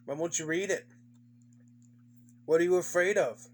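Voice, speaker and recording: A man's voice: a little high, normal speed, slight background noise. A man giving profane, mocking commentary, swearing constantly and repeating taunting questions. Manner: heavy swearing, taunting repetition.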